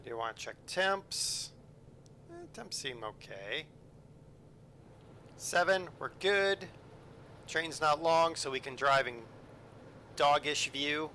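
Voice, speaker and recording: A man's voice: on the high side, expressive, slow, pauses often, sharp tone, slight background noise. A man streaming a train game, chatting casually and joking with his viewers, with lots of ums and asides. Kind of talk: casual live-stream commentary.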